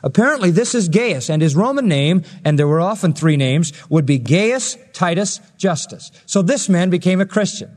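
A man's voice: high voice, animated, moderate pace, hardly any pauses, darkish tone, big-room sound. A male pastor preaching an expository sermon, telling the story dramatically and acting out the quotes he reads.

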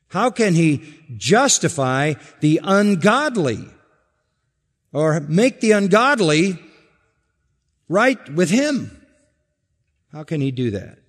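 A man with a slightly raised pitch preaches an expository sermon, repeating key phrases and rising to loud emphasis before dropping to a hushed tone. His voice rings out with a long hall reverb, as in a church sanctuary. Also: very animated, takes it slowly. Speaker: pastor.

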